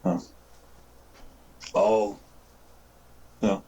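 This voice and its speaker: A man narrating a tabletop game as game master, casual and halting, with frequent fillers and restarts. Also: on the low side, level tone, mellow, poor audio.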